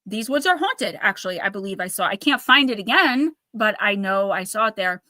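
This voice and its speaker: Bright-voiced woman telling a spooky story. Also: mid-range voice, fairly quick, dry recording, studio quality. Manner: animated, acts out quoted voices while retelling a story. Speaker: host. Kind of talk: casual storytelling on a live show.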